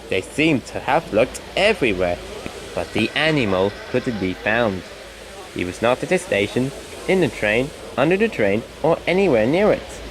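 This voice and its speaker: Expressive man reading a storybook. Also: mid-range voice, noisy background. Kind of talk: reading a children's storybook aloud.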